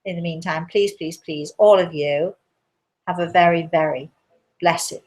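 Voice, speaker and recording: A woman hosting a live talk show, telling a story in a chatty, animated way. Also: fairly low pitch, measured pace. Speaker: host.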